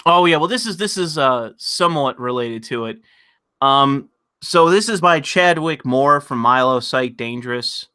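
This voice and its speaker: A man's voice: mid-range voice, expressive, a little slow, pushed and bright, clean tone. A man ranting sarcastically and with profanity on a live stream of political commentary, sometimes laughing at his own point.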